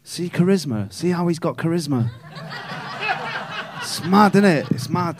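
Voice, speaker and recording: Cheeky sweary comedian. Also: male voice, fairly high pitch, animated, measured pace, pauses often. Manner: cheeky, sweary banter with the crowd. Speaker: stand-up comedian. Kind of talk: stand-up crowd work. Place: comedy club stage.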